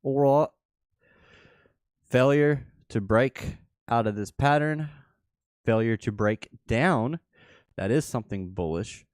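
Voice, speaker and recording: A man's voice: medium pitch, no echo, clean studio sound. A man hosting a trading workshop, walking through a livestreamed chart while thinking aloud and correcting himself as he goes. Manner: unhurried, thinks aloud, restarts and self-corrects.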